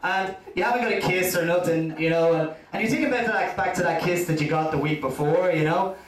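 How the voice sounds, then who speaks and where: An Irish man with a high, brisk voice rambles through a stand-up set at a comedy club, sprinkling in plenty of "you know" asides. A distant mic picks him up in the echoey room.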